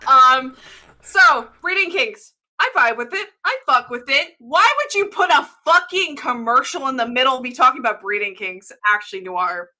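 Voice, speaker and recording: A woman giving a profane, excitable comedic rant as a guest on an improv show. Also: high-pitched. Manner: profane, excitable, fast-swinging delivery.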